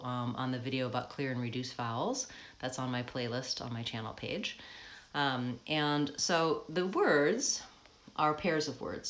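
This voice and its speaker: An American woman who coaches accents, giving a live pronunciation lesson, explaining patiently and modeling words slowly with frequent ums. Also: rumbling low, a bit bright.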